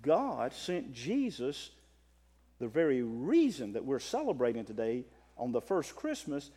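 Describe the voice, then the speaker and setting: A man preaching a sermon as pastor, swinging from impassioned near-shouting to calm scripture reading. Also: medium pitch, breathy edge. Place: church. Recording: long reverb of a church hall.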